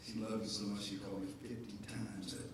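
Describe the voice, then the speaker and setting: A man preaching an animated sermon as pastor, joking and shouting to his congregation. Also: fairly low pitch, fast, noisy background. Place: church sanctuary. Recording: echoey church hall heard from far off.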